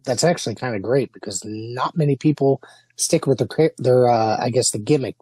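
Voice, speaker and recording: Brief: male host, mellow warm tone, dry close sound, easy chat. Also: medium pitch, husky, no room sound. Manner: quick agreeing interjections. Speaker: interview host. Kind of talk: casual interview chat.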